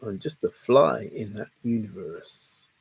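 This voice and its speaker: Slow easygoing guy, gravelly husky voice, dry close sound, greeting chat folks and joking. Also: lowish voice, lively intonation, dry recording. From half Italian, half Scottish heritage. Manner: chatty, jokey, greets viewers by name. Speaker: livestream host reading chat. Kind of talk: casual chat.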